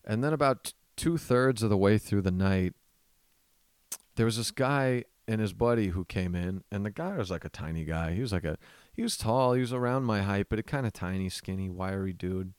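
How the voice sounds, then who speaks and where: A man in his thirties with a lowish voice tells a story on his own podcast. He talks in a loose, swearing, rambling way, often restarting his sentences. The recording is dry and close, with no room sound. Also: lively intonation, normal speed, clear, resonant tone, no echo. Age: 30s. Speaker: podcast host.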